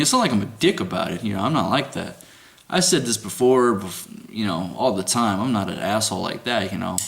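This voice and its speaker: A man talking in a relaxed, easygoing way, swearing freely and chuckling through his stories. He speaks outdoors, at a middle pitch for a man, like someone ranting to a camera about his day on guard duty. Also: a little hiss or hum. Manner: casual, profane, laughs while telling work stories. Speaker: security guard at a residential lake. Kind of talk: casual vlog rant. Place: outdoors at dusk.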